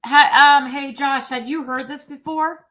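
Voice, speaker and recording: Chatty higher-voiced woman hosting a livestream. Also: steady tone, unhurried, pushed and bright. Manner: chatty, self-deprecating, trailing restarts. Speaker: livestream host. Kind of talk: casual livestream chat.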